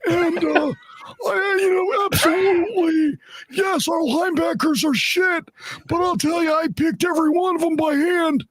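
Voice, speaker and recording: Guy doing a squawky shouty football boss, high and strained, kinda defensive. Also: measured pace, no echo. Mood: blustering. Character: blustering male football executive, defensive.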